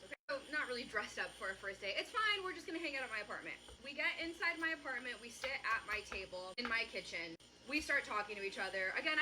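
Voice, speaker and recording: Woman in her thirties, streamer, fast talker, high voice, animated storytelling. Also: a little hiss or hum, poor audio. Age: 30s. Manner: animated, acts out quoted lines. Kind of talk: casual storytelling.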